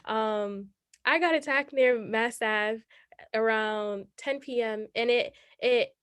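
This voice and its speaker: A woman's voice: fairly high pitch, slow pace, a bit bright, clean tone, dry recording. An eighteen-year-old woman, a city council candidate answering interview questions earnestly, rambling and laughing often.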